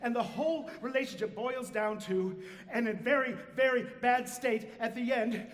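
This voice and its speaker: A man's voice: extremely high pitch, moderate pace. A man playing a wry, rambling stage narrator. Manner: confiding, rambling, wry asides. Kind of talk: live stage musical. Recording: echoey theater hall from afar.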